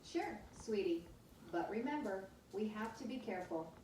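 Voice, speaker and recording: A woman's synthetic voice reading the lines of a caring, sensible mother hedgehog in a storybook, in a smooth, calm read. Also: medium pitch, normal speed, far from the mic, a little hiss or hum, close to an everyday voice. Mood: gentle. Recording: echoey room, smart speaker heard from afar.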